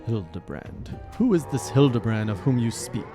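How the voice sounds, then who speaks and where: A pompous undead gentleman declaims his lines with grand theatrical flourish, his pitch swinging widely, as a man acts him out. Faint game music plays behind him. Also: big pitch swings, moderate pace, lightly acted. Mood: grandiose.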